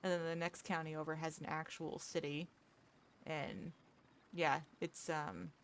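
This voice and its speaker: A woman talks loosely with her viewers as she plays. Her voice sits a little low. She rambles, restarts her sentences and laughs easily. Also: little pitch movement, moderate pace, a little hiss or hum. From United States. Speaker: livestreamer. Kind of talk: casual chat with viewers while gaming.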